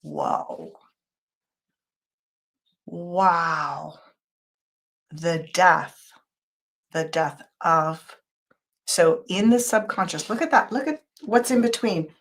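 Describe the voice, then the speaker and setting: A woman hosting a live tarot reading show, talking to viewers in an emotional, intense, spiritual way. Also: lowish voice. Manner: spiritual, guiding talk with quick changes of loudness. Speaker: tarot reader and show host.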